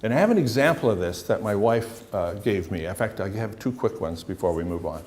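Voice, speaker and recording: A man's voice: lowish voice, animated, fairly quick, darkish tone. A middle-aged man, a psychologist leading a seminar, talking casually to a room and acting out little stories. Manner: conversational, acts out dialogue with anecdotes. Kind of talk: seminar lecture to a live room.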